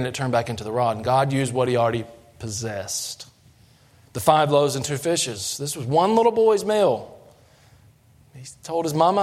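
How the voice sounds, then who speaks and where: Folksy pastor preaching. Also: male voice, animated, normal speed. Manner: folksy, asks the congregation questions, rises in pitch and force when preaching. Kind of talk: sermon.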